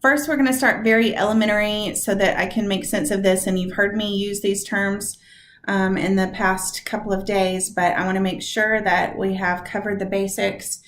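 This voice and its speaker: A woman teaching a recorded video lesson to her high school English class, talking straight to the students and drawing out her spoken examples. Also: steady tone, a bit bright, roomy sound, slight background noise. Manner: chatty, direct address to students, drawn-out examples. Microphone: computer mic.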